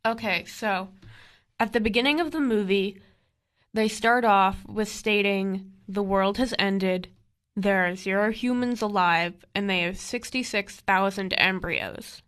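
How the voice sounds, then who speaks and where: A woman's voice: medium pitch, unhurried, a bit bright. A woman in a casual podcast chat, summarizing a film plainly and matter-of-factly, with frequent fillers.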